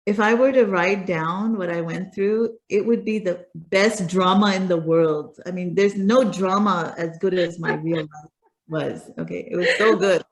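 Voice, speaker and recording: A woman's voice: fairly low pitch, steady tone, a little slow, slight background noise. A woman guest in an interview, telling her own story in an earnest way and repeating words for emphasis. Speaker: guest speaker. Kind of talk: personal storytelling in a conversation.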